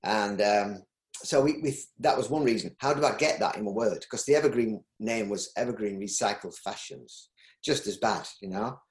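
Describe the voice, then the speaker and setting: A man's voice: fairly low pitch, normal speed. Rambling middle-aged Yorkshire man. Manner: rambling, with frequent restarts and ums. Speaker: interview guest, business owner. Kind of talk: casual interview. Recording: roomy echo.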